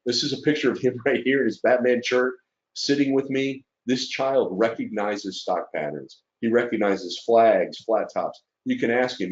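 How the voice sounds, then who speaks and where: During a casual webinar, a man tells fellow students his trading story with earnest emotion, packing in fillers and asides and often checking in with "right?" His voice is medium-pitched at a normal speed, and the recording sounds muffled.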